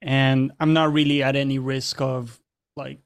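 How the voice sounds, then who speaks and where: A man talks openly as a guest in a relaxed conversation. He speaks reflectively and hesitantly, restarting his phrases and leaning on filler words, at an ordinary middle pitch. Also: unhurried. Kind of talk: casual chat.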